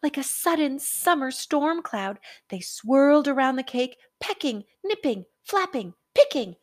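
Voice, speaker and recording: A woman narrating a children's storybook aloud, expressive and unhurried. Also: sits high, dry recording, studio quality.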